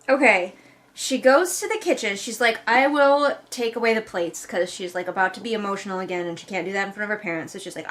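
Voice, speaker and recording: A woman's voice: a little high, fairly bright tone. A woman giving sarcastic, mocking commentary while reading along with a book she dislikes. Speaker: book reviewer. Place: home couch.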